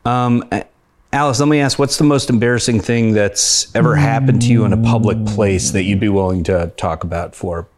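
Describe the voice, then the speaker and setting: A man's voice: on the low side, normal speed. A man in his thirties hosting a casual comedy podcast, easygoing and hesitant, with plenty of ums and uhs. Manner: easygoing, hesitant with many fillers. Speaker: podcast host.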